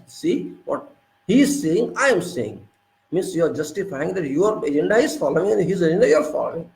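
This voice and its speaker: A political commentator with an Indian English accent lectures indignantly, firing off repeated rhetorical questions. His voice is fairly high and a little mellow, heard in an echoey room on a low-quality recording.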